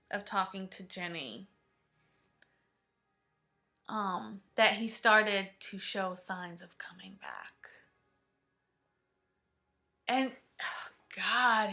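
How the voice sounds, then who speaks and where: A woman vlogger telling a personal story in an emotional, halting way, sometimes dropping to a hush. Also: mid-range voice.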